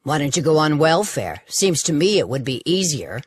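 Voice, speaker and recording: A woman reading an audiobook, voicing a curt, arrogant man with a deep, sharp voice and a dismissive, baiting manner. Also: sing-song, normal speed, slightly rough, dry recording, exaggerated voice. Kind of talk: audiobook character voice.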